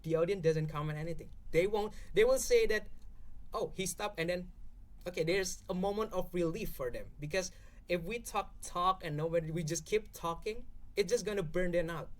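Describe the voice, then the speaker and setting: A man's voice: high-pitched, a little fast. Indonesian-accented young man explaining. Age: young adult. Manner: explanatory, keeps checking in with "okay?". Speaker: podcast guest speaker. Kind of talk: casual explanatory podcast talk.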